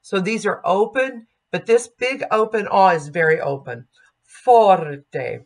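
A woman teaching a music diction lesson, speaking slowly and carefully and modeling sung vowels and words aloud. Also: mid-range voice, expressive.

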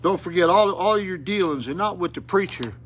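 A man's voice: sits high, lively intonation, brisk, fairly bright tone, breathy edge. An older man preaching a sermon at a rescue mission, plain-spoken and folksy with fervent appeals, in an auditorium.

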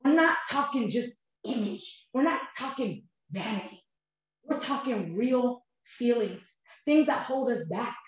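A woman's voice: fairly high pitch, unhurried. Echoey, heartfelt woman host. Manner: animated, heartfelt, addresses viewers as "you guys". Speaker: host of a couples health channel. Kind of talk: emotional personal talk to viewers. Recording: very echoey room.

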